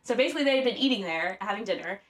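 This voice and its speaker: A woman's voice: mid-range voice, expressive, racing, a bit bright. A woman co-hosting a casual podcast, reading a story aloud with acted quotes and frequent laughter. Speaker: podcast co-host.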